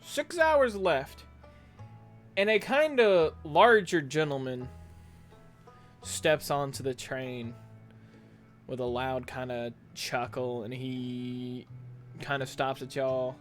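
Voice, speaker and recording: A man narrating as game master of a tabletop role-playing game, relaxed and rambling with fillers. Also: medium pitch, slow pace, pauses often, faint music behind.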